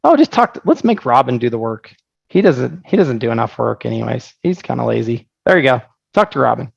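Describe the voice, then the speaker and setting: A man presenting his software on a live webinar, energetic and joking, telling stories with lots of asides. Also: mid-range voice, a little fast, vocal fry, slightly rough, no room sound, lo-fi sound. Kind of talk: casual live product presentation.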